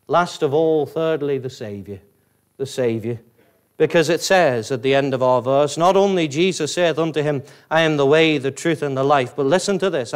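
A man preaching with a Northern Irish accent, delivering an earnest gospel sermon in a church. His voice sits somewhat high and climbs higher on his urgent points before falling to a hushed plea. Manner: pleading evangelistic preaching, climbing high on emphasis then dropping low. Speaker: pastor.

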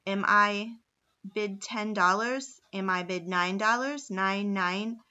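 A woman voicing a loud, brash frontier auctioneer who rattles off repeated bids. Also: sits high, slow, clean tone, muffled recording, full character voice. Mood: hawking.

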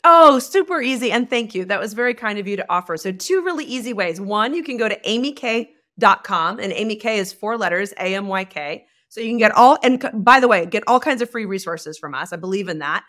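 A woman guest on a podcast, a leadership coach, talking in a bubbly, expressive way and laughing often. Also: mid-range voice, fairly quick, few pauses. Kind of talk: casual podcast interview.

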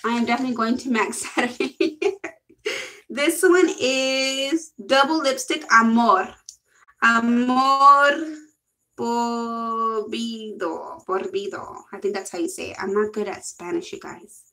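A woman's voice: on the high side, unhurried, sharp tone, low-quality recording. A young woman gushing and giggling through a casual makeup haul video. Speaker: beauty vlogger.

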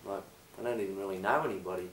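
A man from Australia speaking in a hesitant, halting way, full of fillers and restarts. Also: low-pitched, slight background noise. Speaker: improvising actor. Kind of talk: improvised confessional monologue. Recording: echoey room, voice distant from the mic.

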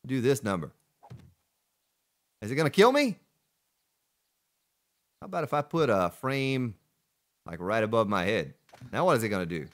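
A man's voice: mid-range voice, fairly bright tone. A male streamer giving playful live gameplay commentary, joking with his chat and thanking donors. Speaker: game streamer.

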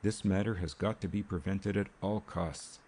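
A man voicing an anxious little older male investigator in an audiobook, with a husky, gravelly voice. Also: low voice, steady tone, normal speed, warm tone. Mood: urging.

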